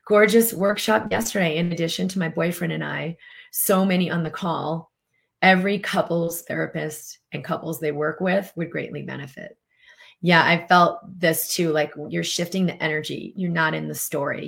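A woman's voice: low-pitched, steady tone, normal speed, gravelly, a bit bright. A middle-aged woman hosting a podcast, talking casually in a chatty, filler-heavy way while coaching viewers and reading their comments. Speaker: podcast host.

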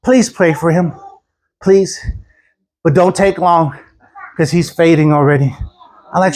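A man's voice: fairly high pitch, a little slow, pauses often. A man preaching a storytelling sermon, acting out the voices in his story and laughing often with the congregation. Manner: animated, acts out quoted voices.

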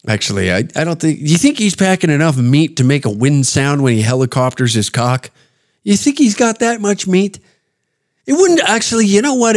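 A man hosting a podcast, giving crude, profane reaction commentary and mocking what he watches, often laughing. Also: on the high side. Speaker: podcast host.

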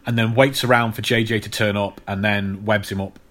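A man co-hosting a podcast in casual chat, explaining at length with frequent pauses and restarts. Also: fairly low pitch, steady tone, fairly bright tone. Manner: explanatory, hesitant with many fillers and restarts. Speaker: podcast co-host.

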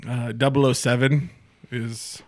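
A man's voice: medium pitch, level tone, measured pace, darkish tone. A man hosting a casual chat, reading items off a list, laughing often and swearing casually.

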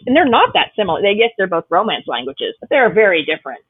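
A woman's voice: mid-range voice, big pitch swings, fast talker. A woman from Boston hosting a casual podcast interview, friendly and laughing often between her remarks. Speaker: podcast host. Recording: tinny phone-line sound.

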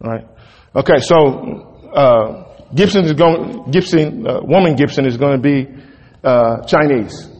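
A man's voice: mid-range voice, measured pace, darkish tone, long reverb tail, highs cut off. A man preaching a sermon in a conversational way, often asking the congregation "right?".

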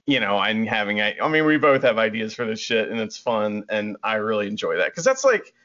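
A man's voice: lowish voice, sing-song, fairly quick, a bit bright. A man co-hosting a podcast in casual chat, giggly, loose and rambling. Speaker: podcast co-host. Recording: dull lo-fi audio.

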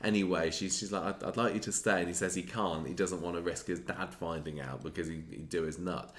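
A man's voice: sits low, fairly even intonation, brisk, fairly bright tone. A man, casually recapping a soap episode as podcast co-host, chatty and rambling with many restarts. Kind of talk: casual chat.

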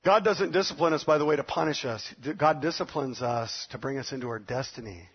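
A man's voice: mid-range voice, a little fast, slightly rough, highs cut off. A middle-aged man preaching a sermon as pastor, playful and laughing, acting out the voices of others.

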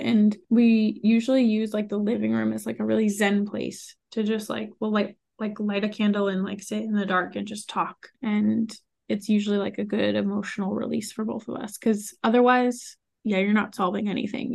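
A woman's voice: mid-range voice, creaky. A woman co-hosting a podcast, talking in a reflective, casual way with lots of fillers. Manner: reflective, uses many fillers. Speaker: podcast co-host. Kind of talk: casual chat.

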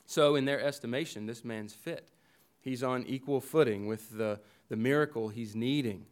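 A man preaches a sermon in a mid-pitched voice, explaining the text verse by verse. He drives his points home by repeating phrases, and he often restarts a sentence partway through. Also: moderate pace. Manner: earnest expository preaching with emphatic repetition. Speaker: pastor.

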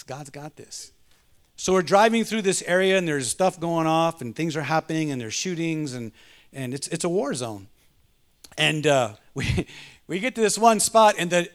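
A male pastor preaching a sermon and telling a personal story, fervent and calling out to the congregation. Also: on the high side. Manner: fervent, punctuates with call-outs to the congregation.

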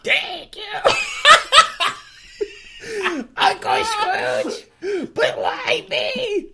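A young man voicing an excitable cartoon duck, with a garbled quacking voice, reading a storybook for laughs. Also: very high-pitched, drawn-out words, gravelly, voice pushed up, exaggerated voice. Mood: giddy. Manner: breaks into laughter while reading.

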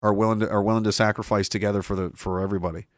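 A man's voice: lowish voice, little pitch movement, rapid-fire, dry recording, clean studio sound. A man hosting a livestream, ranting in a heated, profane way and repeating himself as he pushes his point. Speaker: livestream host.

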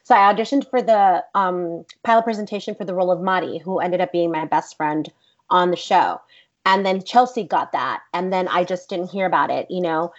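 Animated Texan actress, interview guest, rambling anecdotes, slightly muffled recording. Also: female voice, fairly low pitch, brisk. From Texas. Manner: animated, rambling, many fillers like "like". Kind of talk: casual interview storytelling.

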